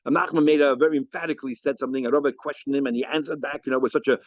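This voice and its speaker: Fast-talking rabbi teaching a Talmud class. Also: male voice, mid-range voice, dry recording. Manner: lively, animated, explains and asks questions. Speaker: rabbi teaching daf yomi. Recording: muffled lo-fi sound.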